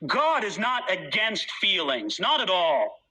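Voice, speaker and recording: A man's voice: high-pitched, wildly swooping pitch, takes it slowly, pushed and bright, husky, poor audio. A man preaching a sermon in an earnest, emphatic way, reading scripture aloud with dramatic weight.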